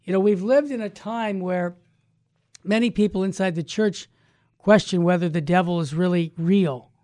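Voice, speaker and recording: A man, a Catholic evangelist, telling a story and then teaching in an animated, folksy way. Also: sits high, normal speed, no echo, clean studio sound.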